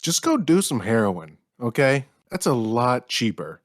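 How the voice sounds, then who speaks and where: A man's voice: medium pitch, big pitch swings, a little slow, dry recording, studio quality. A young man hosting a crude comedic podcast, joking irreverently and swearing freely. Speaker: podcast host.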